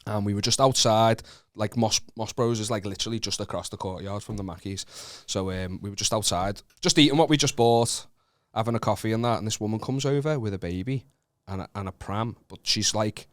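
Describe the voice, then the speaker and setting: A man's voice: lowish voice, brisk, hardly any pauses, no room sound, clean studio sound. A young northern English man co-hosting a comedy podcast, telling a rambling, sweary anecdote. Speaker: podcast co-host. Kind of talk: casual comedy podcast chat.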